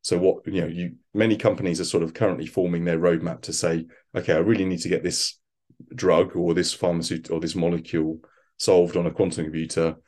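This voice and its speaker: A man speaking as an expert guest in a conversational interview, thoughtful and halting, with frequent restarts. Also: low-pitched, flat delivery, darkish tone. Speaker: quantum computing expert guest.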